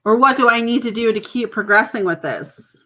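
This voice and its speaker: This Canadian tarot reader, a mother of grown kids, talks with viewers in a chatty, comforting way during a live reading and laughs a lot. Her fairly high voice is brisk with a sharp tone.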